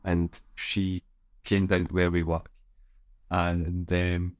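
Male co-host, wry and easygoing, lowish voice, dry recording. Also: completely flat delivery, slow, clean tone, no room sound. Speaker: podcast co-host. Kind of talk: casual chat.

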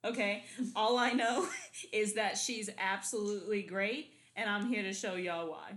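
A woman co-hosts a podcast from home, chatting casually with slang, swearing and frequent laughter. Her voice sits mid-pitch and rings in a roomy, echoing space. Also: a little slow, a bit bright. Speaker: podcast co-host. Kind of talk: casual chat. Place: home room, people outside. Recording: roomy echo.

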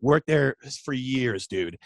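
A young man, a radio host, chatting casually in an interview, relaxed and full of "dude" and "like". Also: mid-range voice, takes it slowly, no echo. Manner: laid-back, chatty, says "dude" and "like" often. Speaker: radio host and metal vocalist.

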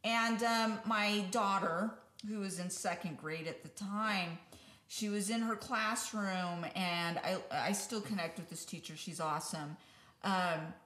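A woman's voice: medium pitch, measured pace, a bit bright. A woman in her forties co-hosting a podcast, chatting casually and telling candid stories with laughs. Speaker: podcast co-host. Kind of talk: casual chat. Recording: roomy echo.

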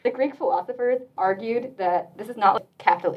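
A woman's voice: fairly high pitch, fairly quick, recorded from a distance, slight background noise, poor audio. A young woman leading a casual student discussion, chatty and full of fillers, laughing often. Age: young adult. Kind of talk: casual chat.

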